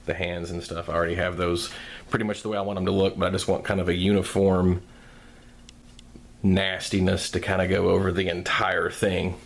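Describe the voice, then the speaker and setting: Very deep-voiced man narrating a craft tutorial. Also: brisk, vocal fry, slight background noise. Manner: calm, soft-spoken step-by-step explanation.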